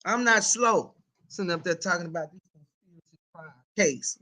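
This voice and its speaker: Bright-voiced woman livestream host. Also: fairly low pitch, normal speed, long pauses, low-quality recording. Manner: animated, laughing, colloquial Southern-tinged speech with repetitions. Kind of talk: casual livestream chat reading viewer comments.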